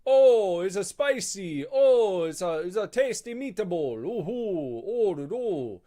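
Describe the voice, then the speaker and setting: A loud, excitable Italian man bursts out with exaggerated exclamations in a thick mock Italian accent, as a gaming streamer puts him on. His voice jumps well above a normal speaking pitch and he practically shouts every line. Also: slow pace, exaggerated voice. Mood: gushing.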